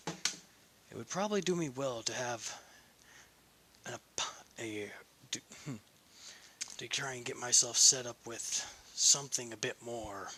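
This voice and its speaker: A man's voice: mid-range voice, sharp tone, breathy edge, heavily acted. A man voicing Naruto as a young male ninja adventurer who mutters to himself while shopping, hungry and grumbling.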